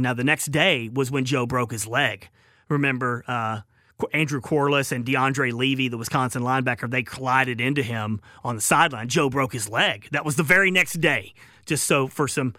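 Southern male radio host, bright and slightly high, rambling and chuckling, dry studio sound. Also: dry recording. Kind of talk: call-in radio storytelling.

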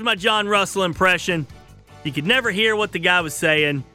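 A man's voice: high voice, normal speed, pushed and bright, clean tone, soft background music. A man hosting a sports talk show, giving emphatic, opinionated takes that trail off at the ends of phrases.

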